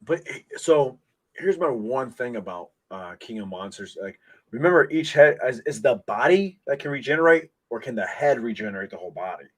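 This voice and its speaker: A man hosting a casual podcast, talking in an excitable, rambling way full of restarts, into a desk mic. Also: medium pitch, a little fast. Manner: excitable, rambling fan talk with many restarts. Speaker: podcast host. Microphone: desk microphone.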